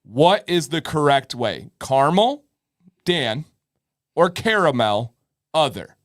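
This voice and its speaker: A man's voice: on the high side, animated, takes it slowly, no room sound, studio quality. A middle-aged man co-hosting a live advice stream, chatting casually and playfully arguing his point. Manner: joking, playfully argumentative. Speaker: podcast co-host.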